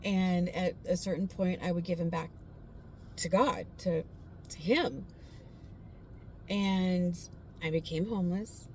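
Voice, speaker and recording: Woman, mellow warm tone, earnest heartfelt testimony, halting delivery. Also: fairly low pitch, fairly even intonation, slight background noise. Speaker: person sharing a faith testimony. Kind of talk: personal testimony, casual storytelling.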